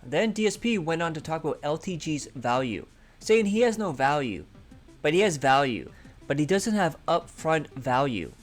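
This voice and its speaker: A man's voice: a little high, big pitch swings, normal speed, faint music behind. A man hosting a drama commentary channel, sarcastically recapping a streamer's clips. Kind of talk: narrating commentary over clips.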